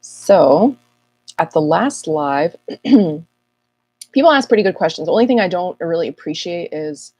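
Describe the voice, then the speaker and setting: A woman astrologer hosting a casual live Q&A, chatty and rambling with self-mocking asides, her voice a little husky this morning. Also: lowish voice, lively intonation, measured pace, pauses often, darkish tone, no echo. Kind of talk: casual livestream chat.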